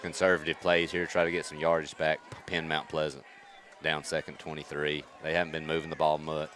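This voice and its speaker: A man, giving chatty color commentary on a high school football game, explaining the rules. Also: level tone, fairly quick, a bit bright, slight background noise. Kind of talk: live sports commentary.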